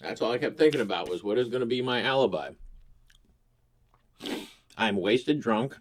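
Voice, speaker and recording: A man's voice: medium pitch, lively intonation, normal speed. A man hosting his own channel, telling a crude, rambling comic story full of swearing. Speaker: host. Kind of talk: casual comedic storytelling.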